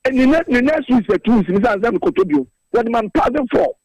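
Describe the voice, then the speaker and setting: A man's voice: very high voice, expressive, fast talker, a little mellow, no echo, highs cut off. A man from Ghana speaking as a drivers' union spokesman in a radio interview, earnestly reeling off prices and figures.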